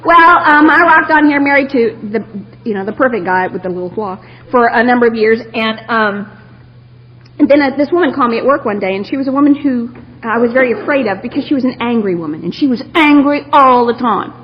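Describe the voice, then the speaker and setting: High, lively woman telling her story. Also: a little fast. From Texas. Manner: humorous storyteller who laughs often. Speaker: speaker at a recovery meeting. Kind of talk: personal recovery share to a live audience. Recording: lo-fi tape of a talk in a hall.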